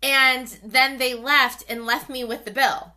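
A woman in her thirties talks in a casual chat, blunt and expressive, full of exclamations. Her voice is bright and sits somewhat high. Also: measured pace. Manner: expressive, reacts with gasps and exclamations, swears.

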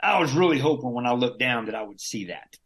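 An army veteran speaks as a guest in an unhurried, easygoing way. He is a man with a mid-range voice, telling his story casually, full of slang and the odd curse. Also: mid-range voice, animated, creaky, a bit bright. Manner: laid-back, slangy, drops in curses and chuckles.

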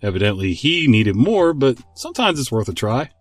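A man hosting a podcast, reading stories aloud in an expressive, amused way. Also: medium pitch, normal speed, dry recording, soft background music. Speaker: podcast host and story reader. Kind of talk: story narration.

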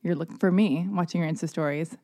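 A woman's voice: on the low side, quick pace, warm tone, dry recording. A woman hosting a podcast, chatting casually in a rambling, giggly, teasing way. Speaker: podcast host. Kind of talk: casual chat.

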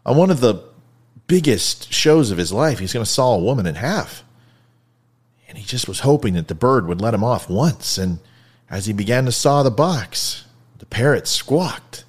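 Animated storytelling male show host. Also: mid-range voice, normal speed, slightly rough. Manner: animated, jokey, swings from loud to quiet. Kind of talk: casual storytelling monologue.

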